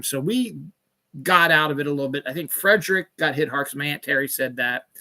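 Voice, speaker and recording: Male podcast host, middle-aged, from Maryland: foul-mouthed ranting solo monologue, tense and bright tone. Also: medium pitch. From Maryland, USA. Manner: profane, ranting, swears constantly; rambling, searches for words.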